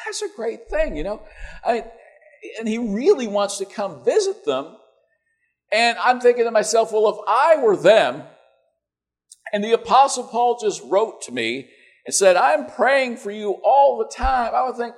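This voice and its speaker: A man's voice: high-pitched, big pitch swings, a little slow. A man preaching a conversational sermon to his church, joking in asides and checking in with "right?" and "you know".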